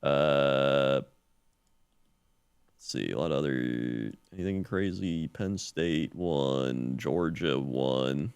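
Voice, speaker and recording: A man's voice: rumbling low, slow pace, a little mellow, clean tone, dry recording. A man co-hosting a podcast, reading out sports in an easygoing, hesitant way with many fillers. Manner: easygoing, hesitant, many "uh"s while looking things up. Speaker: podcast co-host. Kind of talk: casual chat, mock news segments.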